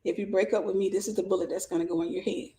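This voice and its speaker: A woman putting on the voice of a young man whispering a threat, hushed and menacing. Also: lowish voice, steady tone, very fast, reverberant, close to an everyday voice.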